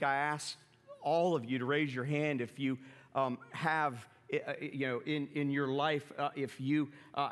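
Middle-aged pastor in a reverberant church. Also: male voice. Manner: animated, acts out quoted lines with big pitch jumps. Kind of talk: sermon. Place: church sanctuary.

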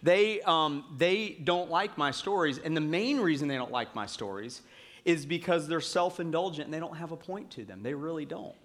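A male pastor in his thirties giving a sermon with a somewhat high-pitched voice. He talks in a loose, conversational way, full of ums and asides, and often pokes fun at himself. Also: animated, normal speed, a bit bright. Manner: chatty and self-mocking, with fillers.

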